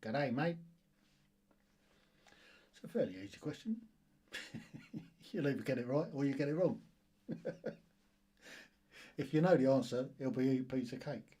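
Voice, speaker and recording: A man hosting a casual quiz video, chuckling often and reading the questions out slowly. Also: medium pitch, lively intonation, mellow, breathy edge. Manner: chuckling, self-deprecating, reads questions slowly. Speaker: quiz host.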